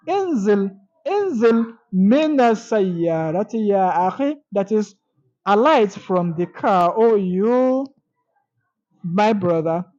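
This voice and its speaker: A woman teaching an Arabic grammar lesson, repeating each example slowly and then translating it. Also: medium pitch, darkish tone, dull audio.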